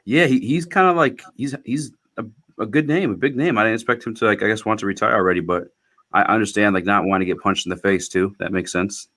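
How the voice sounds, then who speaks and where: Low-voiced man, relaxed, swearing, casual fight-show co-host. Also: fast. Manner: loose, swearing, laughs easily. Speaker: podcast co-host. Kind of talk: casual MMA chat.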